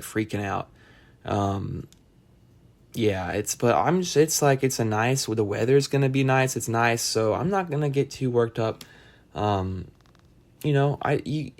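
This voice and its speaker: A man's voice: medium pitch, a little mellow. Male solo podcast host, casual ranting delivery, rambling and profane, wry.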